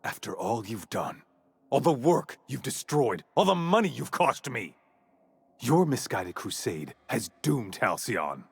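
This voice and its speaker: A man's voice: deep voice, big pitch swings, measured pace, few pauses, slightly rough, heavily acted. An actor voicing a haughty, ruthless male corporate executive villain in a video game, speaking with contempt and menace. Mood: scornful.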